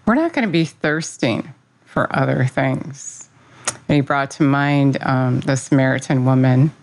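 A woman with a very deep, slightly mellow voice speaks unhurriedly in an informal devotional talk, opening with a prayer and sharing her faith. She's earnest and conversational, using fillers and correcting herself, on a low-quality recording.

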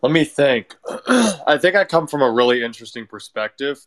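A man's voice: mid-range voice, expressive, normal speed, a bit bright. A young man from the West Coast in his twenties, talking in a casual online chat and thinking aloud as he goes. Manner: reflective, thinks aloud with restarts. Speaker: caller in an online audio room.

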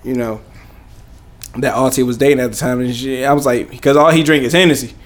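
A man's voice: mid-range voice, steady tone, brisk. A young man hosting a podcast, telling a rambling, profane story full of fillers and laughs. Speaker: podcast host. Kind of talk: casual storytelling.

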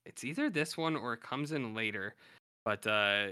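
A man's voice: mid-range voice, lively intonation, moderate pace, sharp tone, clear, resonant tone. A man co-hosting a podcast, casually recapping a TV episode in a rambling way with lots of fillers and loose paraphrased quotes. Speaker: podcast co-host.

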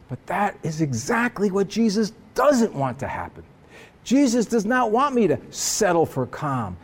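A man preaching a sermon as pastor, earnest and emphatic, slowing down for dramatic pauses. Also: high voice, darkish tone.

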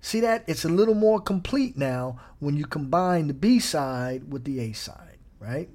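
A man pastor preaching a sermon in a lively, playful way, breaking into chuckles and quick asides. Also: on the high side.

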